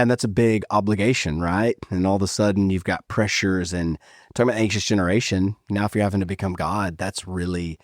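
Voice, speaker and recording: Male podcast host, low pitch, dry close sound, easygoing conversational. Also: darkish tone, no room sound. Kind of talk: casual conversational interview.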